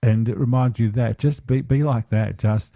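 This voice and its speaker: A man's voice: medium pitch, steady tone, normal speed, gravelly, warm tone, no echo. A man speaking as an empowerment coach in a podcast interview, earnest and reflective, taking his time over his thoughts.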